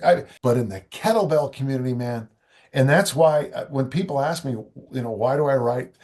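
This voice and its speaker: A man's voice: mid-range voice, normal speed, darkish tone. An older man, a strength coach and author, talking casually in an interview, rambling with many restarts and asides.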